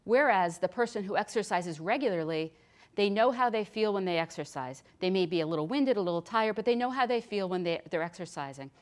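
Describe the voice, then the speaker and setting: A woman's voice: medium pitch, lively intonation, a little fast. A middle-aged woman nurse practitioner giving a chatty, practical health lecture. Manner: chatty and practical, with frequent restarts. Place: hospital lecture room.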